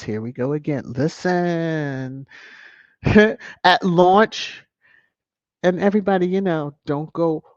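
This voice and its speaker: Brief: host, casual livestream chat, lively whoops, dry and dull lo-fi sound. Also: no echo. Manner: animated, with sudden high whoops and chuckles. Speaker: channel host. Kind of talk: casual livestream chat, reading viewer comments.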